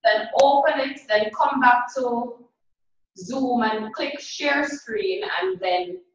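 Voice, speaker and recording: A Jamaican woman joining a class, speaking slowly and deliberately. She sounds far from the microphone in a very echoey room, and the audio is dull. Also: sits high. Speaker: student. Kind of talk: class participation.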